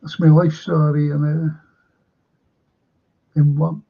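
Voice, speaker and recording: Gravelly, husky man chatting. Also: on the high side, little pitch movement, takes it slowly, dark tone, dull audio. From Liverpool. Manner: rambling, chatty, jokey asides. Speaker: host. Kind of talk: live fan chat show, reading chat questions.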